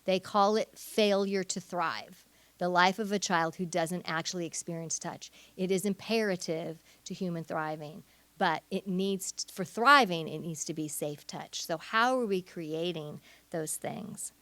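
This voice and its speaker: A woman's voice: on the low side, unhurried, a bit bright, no room sound. A woman giving a conversational teaching talk at a church, with frequent fillers and restarts. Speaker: church speaker.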